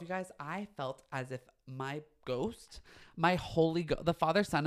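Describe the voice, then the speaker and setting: Campy, dramatic young man gossiping. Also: a little high. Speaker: podcast host. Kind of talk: casual solo podcast chat.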